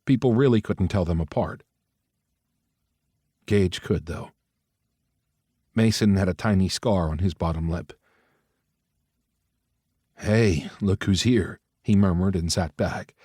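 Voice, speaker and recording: A man narrating an audiobook in a measured, even storytelling manner. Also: sits low, dry recording. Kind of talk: scripted narration. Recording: dry close studio mic.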